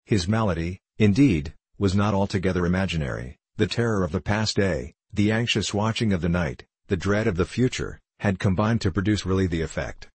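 Male audiobook narrator, very low and husky, measured storytelling. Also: animated, no echo. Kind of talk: audiobook narration of a classic novel.

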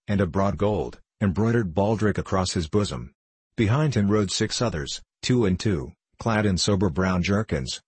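A man narrates a storybook with a very deep, husky voice. His reading is steady and measured. The recording is close and dry, with no room sound. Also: dry recording. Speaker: audiobook narrator. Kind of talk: scripted narration.

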